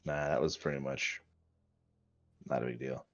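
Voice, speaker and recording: A man playing a tabletop game, speaking in a quick, matter-of-fact way as he works out his dice rolls aloud. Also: extremely low pitch, steady tone, no echo, lo-fi sound. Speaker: player.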